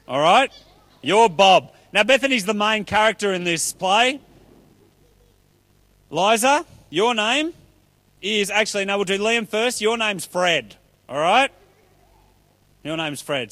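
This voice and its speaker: A man with a high voice leads a church children's talk, chatty and upbeat as he pulls volunteers into a story. The sound is dry and close. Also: lively intonation, unhurried, pauses often, a bit bright, no room sound. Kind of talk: children's talk with audience play.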